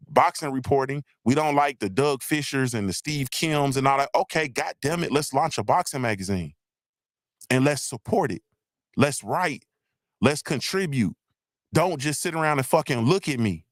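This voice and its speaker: A man hosting a casual livestream rant, blunt and heavy with profanity. His voice sits at an ordinary pitch and is recorded dry and close, with no room sound. He keeps asking his listeners whether they follow him. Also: animated, moderate pace, dry recording. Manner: blunt, profane, repeats "you feel me". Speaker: livestream host.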